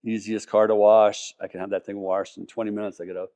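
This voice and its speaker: Enthusiastic lower-voiced man telling car stories. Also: level tone, fast talker, dark tone. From Colorado, US. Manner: enthusiastic, rambling with restarts. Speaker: podcast guest, car collector. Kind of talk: casual interview talk.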